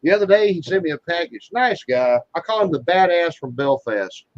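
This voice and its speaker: A man's voice: fairly high pitch, lively intonation, fairly quick, no echo. A man in casual chat, rambling and swearing constantly as he tells stories. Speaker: guest being interviewed. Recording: dull, dry lo-fi sound.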